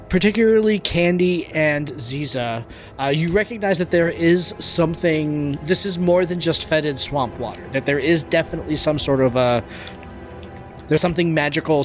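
A man narrating a tabletop game as its game master, with a voice that sits a bit higher than most men's. He talks loosely, circles around his descriptions and feels for the right words. Faint music plays underneath. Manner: casual, searching for words while describing.

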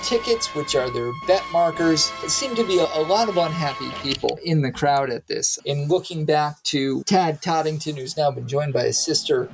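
Gravelly-voiced man as game master. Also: a little high, rough recording. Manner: plays several characters with voices. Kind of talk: narrating a tabletop game. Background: music.

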